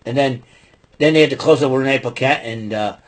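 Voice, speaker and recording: A man with a husky, breathy voice talks through a wrestling broadcast in casual podcast style. He rambles, piles up fillers and gives his opinions freely. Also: medium pitch, a little fast. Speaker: podcast host. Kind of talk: casual wrestling show recap.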